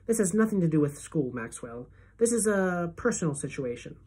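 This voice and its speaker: A woman voicing a calm, formal middle-aged female principal, measured and reassuring, with a husky tone. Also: lowish voice. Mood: grave.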